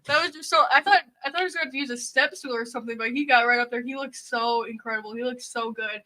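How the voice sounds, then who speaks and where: A woman's voice: on the high side, fast talker, pushed and bright. A young woman co-hosting a livestream, telling a story in an emotional, rambling way. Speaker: co-host. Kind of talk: casual livestream chat.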